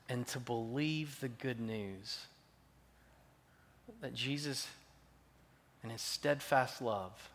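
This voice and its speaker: A man preaching a sermon as pastor, earnest and measured, building to emphatic swells. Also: medium pitch, fairly bright tone. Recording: long reverb of a large hall.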